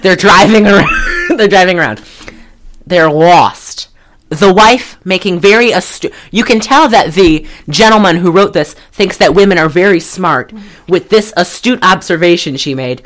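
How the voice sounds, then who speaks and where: A woman's voice: on the low side, a little slow. A woman co-hosting a podcast, recapping a movie in casual chat, rambling and giggling with lots of fillers. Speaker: podcast co-host.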